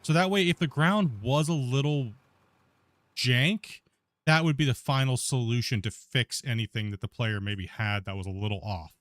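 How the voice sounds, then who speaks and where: A man's voice: mid-range voice, normal speed, a bit bright, dry recording, studio quality. A man hosting a podcast stream in casual chat, talking to his live viewers and laughing easily as he goes. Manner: chatty, laughing, addresses viewers directly.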